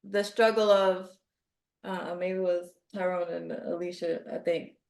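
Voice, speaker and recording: A woman hosting a casual podcast chat, thinking aloud and taking her time to find the right words. Her voice is mid-pitched, and the room around her rings noticeably. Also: fairly even intonation, a little slow, darkish tone. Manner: thoughtful, searching for words. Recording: roomy echo.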